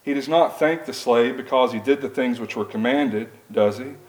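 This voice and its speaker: A man's voice: medium pitch, normal speed, darkish tone, low-quality recording. A male preacher giving a sermon, reading scripture aloud and asking the congregation plain rhetorical questions.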